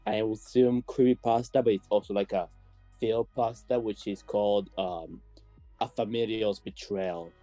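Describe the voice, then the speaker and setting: A man from Israel with an Israeli accent, a guest narrator answering questions hesitantly with many pauses. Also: low voice, dark tone, no room sound. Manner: hesitant, many ums, searching for words. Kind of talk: casual interview chat.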